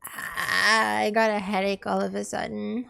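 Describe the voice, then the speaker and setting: A woman's voice: mid-range voice, flat delivery, measured pace, vocal fry, sharp tone, clear, resonant tone. A woman streaming live, chatting casually and exasperatedly with her viewers in a rambling way. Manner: exasperated, rambling, talks to chat.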